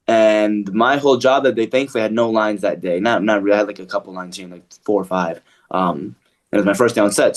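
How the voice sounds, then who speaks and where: A man being interviewed as an actor, talking casually with lots of fillers and restarts. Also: on the low side. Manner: relaxed, halting with many restarts and fillers.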